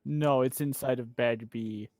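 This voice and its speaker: A man playing a tabletop role-playing game who often restarts his sentences and talks with a halting manner. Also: mid-range voice, darkish tone, no echo. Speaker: player.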